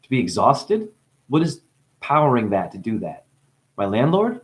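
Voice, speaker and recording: A man who is high, talking in a rambling, profane monologue. His voice swings from low mumbling to sudden high exclamations. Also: sing-song, moderate pace. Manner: profane, playful. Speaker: spiritual video maker.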